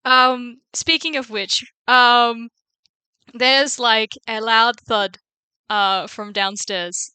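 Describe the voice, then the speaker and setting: Slow, bright-voiced woman game master. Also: on the high side, fairly even intonation, clean tone, no room sound. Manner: hesitant, many ums, laughs often. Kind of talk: narrating a tabletop game over voice chat.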